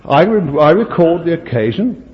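An older man preaching a sermon as a story, moving between hushed asides and emphatic lines. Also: a little high, very animated, normal speed, husky. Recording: dull recording with long hall reverb.

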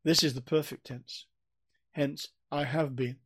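A man's voice: on the high side, fairly even intonation, a little slow, slight background noise. A man giving an expository Bible teaching, earnest and emphatic, often repeating and restarting phrases as he explains. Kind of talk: expository sermon.

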